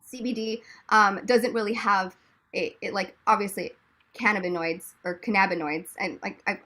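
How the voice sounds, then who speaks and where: A woman panelist and drink company founder, explaining in an animated, rambling way with jokey asides over a video call. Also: mid-range voice, moderate pace. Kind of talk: casual explanatory chat.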